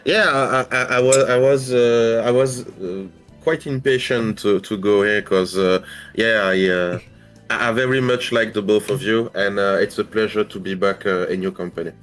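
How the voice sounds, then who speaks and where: Man, French accent, native French speaker, podcast guest, hesitant, lowish voice. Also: moderate pace, fairly bright tone, faint music behind. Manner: hesitant, repeats words. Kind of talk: casual podcast chat.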